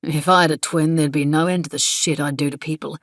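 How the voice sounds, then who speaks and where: A woman's voice: low voice, steady tone, fairly quick, no echo, studio quality. A woman voicing a blunt, curious young man who teases and swears casually.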